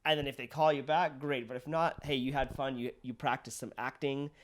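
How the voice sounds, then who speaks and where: A man's voice: medium pitch, fairly even intonation, a little fast. A young adult man, a podcast host and actor, talking in an upbeat, agreeable way with frequent yeahs. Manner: upbeat and agreeable, lots of "yeah". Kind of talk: casual interview chat.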